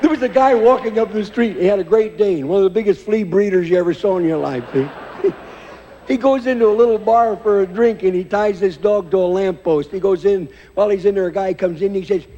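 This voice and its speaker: A man's voice: sits high, a little fast, dark tone, slight background noise. An older male comedian telling stand-up jokes in a rambling way, chuckling at his own lines and tagging them with "see?", on a large theater stage before a live audience. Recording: dull lo-fi VHS concert recording with long hall reverb.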